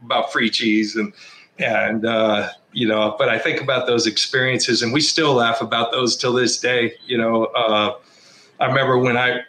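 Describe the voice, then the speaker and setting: Bright-voiced middle-aged man, halting storyteller. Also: mid-range voice, flat delivery. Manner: halting with frequent restarts, chuckles while telling stories. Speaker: interview guest, former football player now team executive. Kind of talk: casual interview storytelling. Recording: echoey room.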